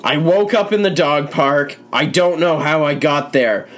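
A swaggering, menacing tough guy, as a man plays him. The voice sits high for a man and stays blunt and threatening in an improvised comedy sketch. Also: unhurried, a bit bright. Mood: deadpan. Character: gruff tough man in a wheelchair. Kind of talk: improvised comedy podcast role-play.

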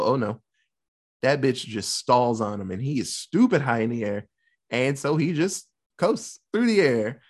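A man's voice: mid-range voice, unhurried. A man casually retelling a war film's plot, swearing freely and jokingly acting out the characters' lines. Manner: profane, jokey, animated retelling with put-on quotes. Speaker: podcast co-host recapping a film. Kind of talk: casual chat.

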